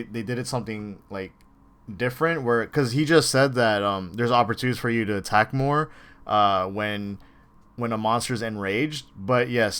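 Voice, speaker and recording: Rambling excited male reaction host. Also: on the low side. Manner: rambling, excited, many fillers. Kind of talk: casual reaction commentary.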